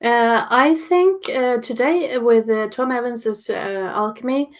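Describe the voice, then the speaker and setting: A woman's voice: on the high side, a little slow, noisy background. A woman guest artist talking casually on a video call, hesitant with many fillers. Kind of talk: casual interview chat.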